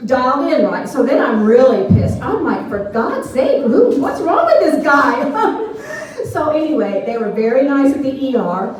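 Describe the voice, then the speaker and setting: High-voiced woman telling stand-up stories. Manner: animated, shrieks when quoting herself. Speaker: stand-up comedian. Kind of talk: stand-up storytelling. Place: small venue on stage. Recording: very echoey room, voice from far off.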